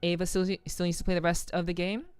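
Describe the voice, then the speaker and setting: A woman's voice: on the low side, flat delivery, fast, smooth, no echo. A woman streaming a game with a slightly sore, scratchy throat, chatting casually and greeting viewers over and over. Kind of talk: casual live-stream chat.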